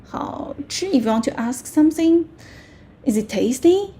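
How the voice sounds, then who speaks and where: A woman with a Mandarin Chinese accent teaching a language lesson, patiently repeating words slowly with clear tones. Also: sits high, animated, warm tone.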